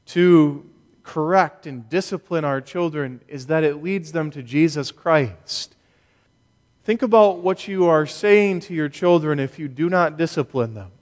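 A man preaching a sermon as a pastor, earnest and emphatic, with deliberate pauses. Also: a little high, in a large hall.

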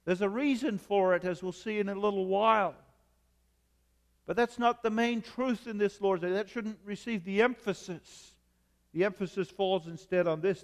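A man preaching a sermon as a pastor, measured, with emphatic repetition. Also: high voice, in a large hall.

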